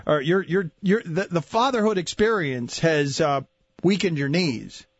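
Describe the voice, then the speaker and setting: A man's voice: fairly high pitch, a little slow, breathy edge, no room sound. A man hosting a sports talk radio interview, teasing his guest and laughing often. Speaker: radio host. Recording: dull lo-fi radio audio.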